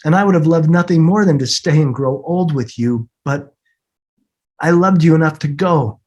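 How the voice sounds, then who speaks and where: A man in his fifties, a podcast guest, telling an emotional personal story in an earnest way, often repeating words and laughing softly. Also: on the high side, moderate pace, muffled recording. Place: home, snowing outside.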